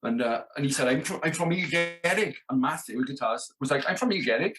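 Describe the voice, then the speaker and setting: Against background noise, a man with a voice on the high side talks quickly and expressively. He's a rock drummer in his thirties from Merthyr Tydfil in South Wales, casually telling tour stories as a podcast guest, acting out dialogue and often saying "you know what I mean."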